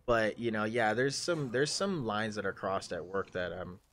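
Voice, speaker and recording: A man's voice: lowish voice, normal speed, fairly bright tone, a little hiss or hum. A young man streaming a game, telling rambling, profane stories in casual chat with frequent restarts. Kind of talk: casual chat while gaming live.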